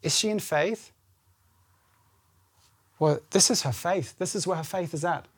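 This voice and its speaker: Slightly rough and a little high, this pastor's voice moves at an unhurried pace in a dry recording. His church-service sermon feels conversational and animated, with scripture dialogue acted out.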